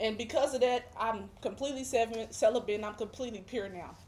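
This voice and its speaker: A woman's voice: fairly high pitch, quick pace, darkish tone. Emphatic woman giving a faith testimony. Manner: emphatic, preacher-like repetition. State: emotional, near tears at times. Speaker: guest. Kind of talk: religious testimony.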